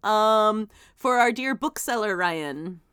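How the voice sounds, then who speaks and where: A woman's voice: mid-range voice, expressive, slow pace, fairly bright tone, smooth, no room sound, studio quality. A woman co-hosting a podcast, laughing often and teasing. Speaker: podcast co-host. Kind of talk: casual podcast banter.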